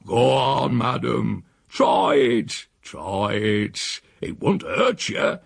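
A man voicing an old, rough, easygoing gravedigger who talks back slyly and coaxingly while reading a story aloud. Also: mid-range voice, big pitch swings, very slow, no echo, voice pushed up, heavily acted. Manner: sly, unbothered, coaxing.

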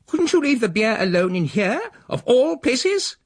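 A man voicing a stern, pale, skinny woman who scolds a gravedigger in a shrill, indignant tone while reading a story aloud. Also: big pitch swings, a little slow, husky, full character voice. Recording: dry close recording.

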